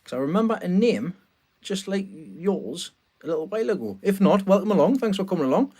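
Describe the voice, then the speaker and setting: A man's voice: high voice, big pitch swings, a little fast, a little mellow. A man chatting casually on a live stream from a small greenhouse at night, greeting viewers and laughing often. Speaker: vlogger hosting a live stream.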